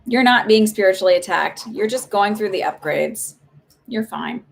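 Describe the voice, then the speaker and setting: A woman's voice: mid-range voice, lively intonation, normal speed, gravelly. A woman giving casual psychic readings on a live stream, chatty and reassuring, with many likes and ums.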